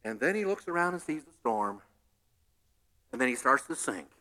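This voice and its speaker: A male pastor preaching a sermon in an animated way, acting out scenes with humor. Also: medium pitch, normal speed.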